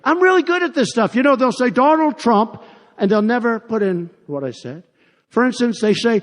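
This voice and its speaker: A man's voice: high voice, animated, brisk. A man giving a campaign rally speech. He talks off the cuff, repeats himself and boasts. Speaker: political candidate. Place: large rally venue. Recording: long arena reverb.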